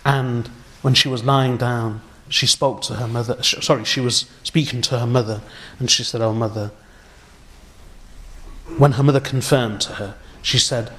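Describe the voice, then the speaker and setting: An earnest man preaching, his voice sitting at an ordinary pitch. He tells the story slowly and with feeling, slipping Arabic phrases in among his words and falling to a hush when the story turns moving. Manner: earnest storytelling, dropping to a hushed tone for moving moments; uses Arabic religious phrases. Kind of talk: sermon.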